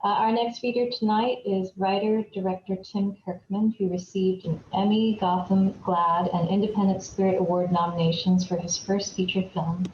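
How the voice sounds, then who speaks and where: Woman host, lowish mellow voice, reads bio haltingly, echoey, muffled. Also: slight background noise. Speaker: reading series host. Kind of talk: introducing readers.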